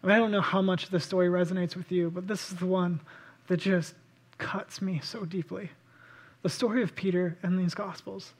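A man preaching a sermon, swinging between loud impassioned outbursts and hushed, intimate reflection. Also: sits high, steady tone, moderate pace. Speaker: pastor.

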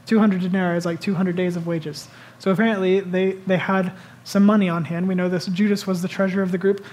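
A pastor delivers a sermon in a relaxed, conversational voice. The delivery is animated and full of questions put straight to the congregation. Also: medium pitch, fast talker.

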